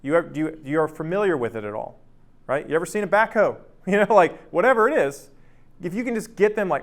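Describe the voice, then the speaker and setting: A man's voice: on the high side, quick pace. A man in his thirties leading a workplace training session in a casual, conversational way, often checking in with "right?". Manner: conversational, keeps asking "right?"; energetic, acts out anecdotes. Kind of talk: casual workshop talk.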